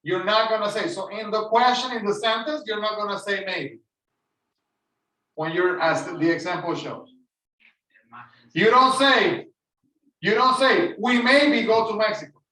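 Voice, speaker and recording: High, bright-voiced man teaching English. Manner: explains slowly, repeats phrases. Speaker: ESL teacher. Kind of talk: online English lesson. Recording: roomy echo, voice heard from a distance.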